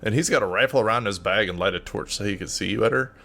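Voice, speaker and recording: A man's voice: fairly low pitch, quick pace, vocal fry, pushed and bright. A man player narrating his character's actions in a playful, casual way. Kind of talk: tabletop role-play.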